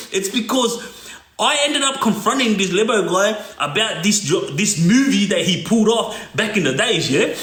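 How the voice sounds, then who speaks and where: A middle-aged ex-gang member with a high, sharp voice tells stories casually in a room with echo. Throughout the monologue he keeps asking "yeah?".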